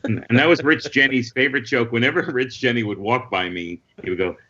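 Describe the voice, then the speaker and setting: A man, a guest comedian, telling lively anecdotes in casual conversation over a video call. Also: mid-range voice, dull audio. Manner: lively anecdotal storyteller, quick asides. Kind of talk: casual storytelling chat.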